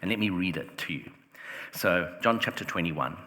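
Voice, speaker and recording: Low-voiced man preaching in a reverberant hall. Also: expressive, moderate pace, sharp tone. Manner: conversational, uses "like" often, rhetorical questions. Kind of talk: sermon. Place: church hall.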